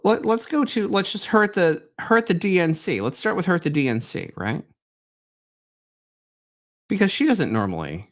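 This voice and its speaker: Male livestream host, animated and incredulous, pitch swinging widely. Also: moderate pace, long pauses. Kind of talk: live-stream commentary.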